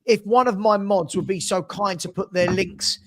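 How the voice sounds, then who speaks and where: A chatty man hosts a casual live stream and reads viewers' messages aloud. His voice sits fairly high for a man. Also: normal speed, a little hiss or hum. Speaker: livestream host. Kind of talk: casual live watchalong chat.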